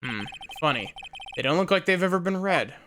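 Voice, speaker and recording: A woman's voice: lowish voice, expressive, brisk, fairly bright tone, slight background noise, voice pushed up. A woman reading the lines of a young male defense lawyer, making dry, wry remarks, over game music. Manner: dry, wry remarks while looking around.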